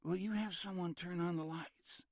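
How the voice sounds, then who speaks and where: A scared male movie star wakes under bandages, pleading and strained, his voice pushed higher than the reader's own, as a man acts him out. The delivery sounds dry and close. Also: fairly even intonation, moderate pace, vocal fry, dry recording. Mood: dazed, pleading. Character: frightened male film star after surgery.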